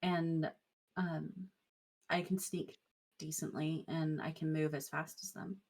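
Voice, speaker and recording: A woman player in a tabletop game, calmly explaining her character's choices. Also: low-pitched, takes it slowly. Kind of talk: casual tabletop play.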